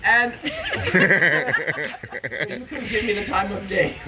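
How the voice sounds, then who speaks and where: A poet performs a live comic poetry show on an outdoor stage in a meadow with benches, teasing the crowd in a wry, crude way. His voice is high and steady, and he takes it slowly. The recording is distant, echoing, and noisy.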